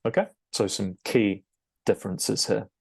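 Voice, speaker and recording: Man, teacher, low voice, dry close sound, explanatory, says okay a lot. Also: steady tone, a little slow, gravelly, a little mellow, breathy edge, no room sound. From Britain. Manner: explanatory, with frequent "okay" and "um" fillers. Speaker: IELTS teacher. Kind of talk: recorded lesson to camera.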